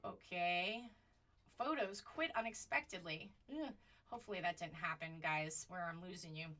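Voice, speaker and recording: A woman's voice: on the low side, normal speed, sharp tone, recorded from a distance. A woman hosting a political commentary show from home, talking casually and passionately, rambling and jumping between points.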